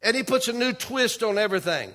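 Emphatic high-voiced male preacher. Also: animated, pushed and bright. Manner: punctuates with repeated "okay?", calls for amens; reads scripture slowly, emphatic preaching. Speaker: pastor. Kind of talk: sermon.

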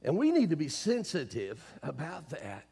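Preaching man, loud and rising. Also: fairly high pitch, huge pitch swings, normal speed, husky. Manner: call-and-response preaching, swings from soft storytelling to loud emphasis. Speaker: pastor. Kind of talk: sermon. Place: church sanctuary.

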